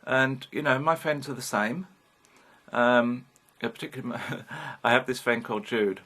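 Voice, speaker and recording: Pitched in the middle range with fairly even intonation, this fifty-something British man talks at a normal speed in a pushed, bright voice. It's a candid, rambling vlog monologue, peppered with offhand swearing.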